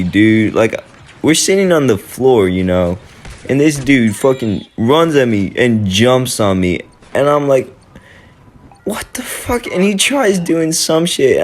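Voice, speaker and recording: A young man telling a story in a casual vlog, rambling with lots of fillers and swearing freely. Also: medium pitch. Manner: rambling and profane, heavy with fillers.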